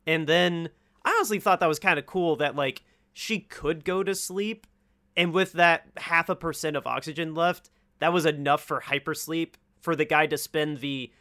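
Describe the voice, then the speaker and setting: Bright-voiced, eager man discussing a film. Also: a little high, normal speed. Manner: enthusiastic, laughs often. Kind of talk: casual movie review chat.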